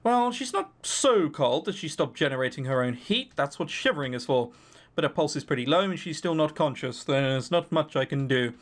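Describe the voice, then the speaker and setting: A steady, practical man who takes charge of a crisis, as a man reads him out. His voice sits raised and lively, and he talks in a level, reassuring way. A visual novel game character. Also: on the high side, normal speed, lightly acted. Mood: calm.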